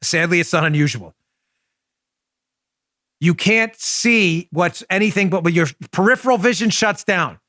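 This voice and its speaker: A man's voice: sits high, a little slow, long pauses, pushed and bright, dry recording, studio quality. Emphatic Queens-accented man in his forties. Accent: New York (Queens). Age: 40s. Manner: emphatic, rhetorical, addresses listeners directly. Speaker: talk show host. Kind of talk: opinionated radio talk.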